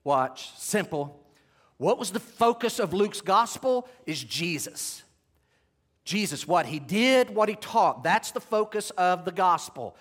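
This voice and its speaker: Teaching from the Bible, this man speaks in a high, fairly bright voice, emphatically stressing key words. He poses questions to his audience and gets them to take notes during the sermon.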